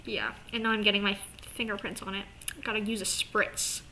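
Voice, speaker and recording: A woman vlogger chatting casually to camera, animated and swearing, with lots of "like" fillers. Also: medium pitch, fairly quick, a little hiss or hum.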